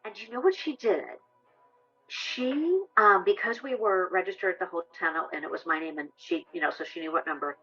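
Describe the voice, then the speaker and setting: Interview with a woman whose voice sits a little low. She talks earnestly and hesitantly, full of fillers and restarts. The sound is slightly dull, with soft music underneath. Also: moderate pace, husky. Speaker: abuse survivor sharing her story. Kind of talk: documentary interview.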